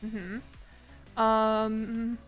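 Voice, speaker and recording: A woman's voice: fairly high pitch, little pitch movement, extremely slow, soft background music. A young woman streaming a game, talking casually and laughing at her own mistakes, often apologizing. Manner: self-deprecating, laughing, apologetic. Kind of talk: casual live-stream commentary.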